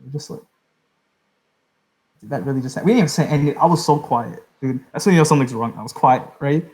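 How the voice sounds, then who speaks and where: A man's voice: medium pitch, fast, darkish tone, rough recording. A young man tells a long story on a podcast. He rambles loosely and keeps checking in with "right?" as he goes. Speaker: podcast host. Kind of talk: casual storytelling.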